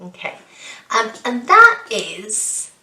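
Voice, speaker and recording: Young woman teacher, slow careful drills, lots of good and well done, echoey room, kinda far from the mic. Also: a little high, wildly swooping pitch, heavy background noise. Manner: encouraging, drills words and praises learners. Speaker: English teacher. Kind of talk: slow beginner language lesson with repetition.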